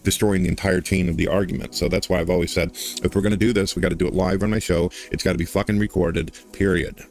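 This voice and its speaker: Deep gravelly streamer dude bragging and cussing, talks quick. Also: male voice, flat delivery, darkish tone. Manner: boastful, profane. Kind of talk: casual live-stream talk.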